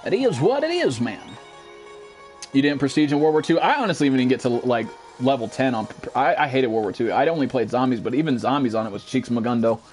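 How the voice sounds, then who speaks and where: A streamer in his twenties gives fast, profane, excitable live commentary while playing a shooter, leaping into high-pitched outbursts. Soft music plays in the background.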